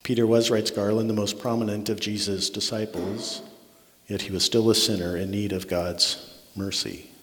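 A man's voice: lowish voice, flat delivery, moderate pace. Earnest male preacher in a reverberant hall. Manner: earnest, repeats words and restarts, asks "right?" often. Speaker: pastor. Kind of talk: sermon. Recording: long reverb of a large hall.

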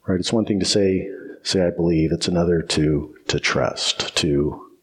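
A man's voice: low voice, fairly even intonation, a little fast. A man preaching a sermon as pastor, emphatic and repetitive, often asking "right?" and restarting phrases.

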